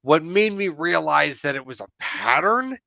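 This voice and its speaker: A man in a casual comedic chat, talking haltingly and repeating himself as he thinks aloud, heard through a dull lo-fi recording. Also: on the high side, sing-song, gravelly, bright, forceful tone, no room sound. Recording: dull lo-fi sound.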